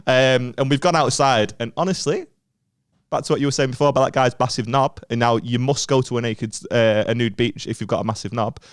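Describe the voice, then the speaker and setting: A young man with a Northern English accent spins crude, animated anecdotes on a comedy podcast, swearing freely and breaking into laughter. His voice sits at a middle pitch and sounds close and dry, with no room around it. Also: a little fast, smooth, dry recording. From Northern England. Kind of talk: casual comedic storytelling.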